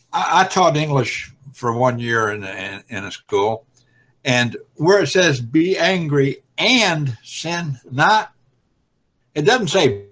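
A man chiming in from off-mic on a talk show, halting and thoughtful. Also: fairly high pitch, fairly bright tone.

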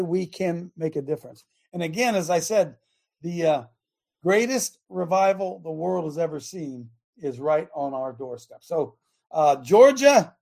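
A man's voice: high voice, vocal fry. A middle-aged man hosting a radio show, teaching from the Bible in a chatty, emphatic sermon style, talking straight to his listeners and producer. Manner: emphatic, rising to near shouts when quoting scripture. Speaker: radio show host and preacher.

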